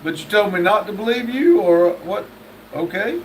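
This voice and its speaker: A man's voice: sits high, expressive, moderate pace, a little mellow. A man hosting a live stream, reading viewer messages aloud and answering them with wry jokes. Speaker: livestream host. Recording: distant mic with faint background noise.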